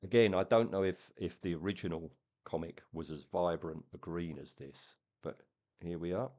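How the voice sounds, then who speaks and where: A man with a deep, low voice reads a fantasy tale aloud and then talks about it eagerly. His speech stumbles now and then as he restarts his sentences. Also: darkish tone. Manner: enthusiastic, halting. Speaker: comic and book reviewer. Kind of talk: reading aloud and casual chat.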